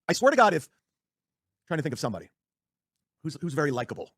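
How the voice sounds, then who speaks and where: Man, livestreamer, rapid casual rant, profane, rambling, dry close sound. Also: a little high, big pitch swings, fairly bright tone, no room sound. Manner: rambling, profane, self-interrupting.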